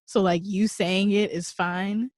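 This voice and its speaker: A woman co-hosting a podcast, speaking in a measured, earnest way and gently giving advice in casual chat. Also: medium pitch, steady tone, dry recording, studio quality. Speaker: podcast co-host.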